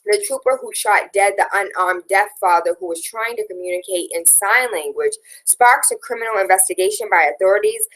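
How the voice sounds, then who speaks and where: A woman's voice: medium pitch, brisk, few pauses, fairly bright tone, rough recording. A woman hosting a talk show, reading news items aloud and adding opinionated, sarcastic commentary. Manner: opinionated, sarcastic, reads headlines then riffs. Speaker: radio talk show host.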